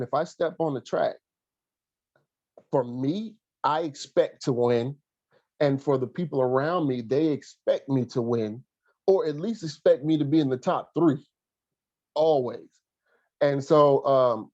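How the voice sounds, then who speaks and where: A man's voice: medium pitch, darkish tone, dry recording. Guy telling his story in an interview, earnest, lots of ums, dry kinda dull recording. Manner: earnest, halting, many fillers and restarts. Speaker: guest, former college athlete and coach.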